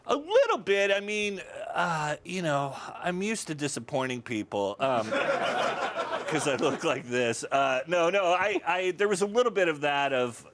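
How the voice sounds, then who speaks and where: A man's voice: a little high, unhurried, a bit bright, a little hiss or hum. Man, comedian guest, self-deprecating, laughs a lot, studio chat. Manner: self-mocking, laughs often, does goofy voices. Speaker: guest comedian and comic writer. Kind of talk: casual talk-show interview.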